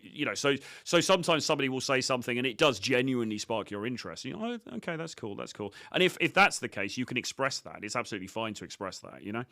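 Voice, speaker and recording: A man's voice: medium pitch, bright, forceful tone, dry recording, clean studio sound. A man coaching on dating, commenting on his own footage in a blunt, cocky, profane way with many fillers.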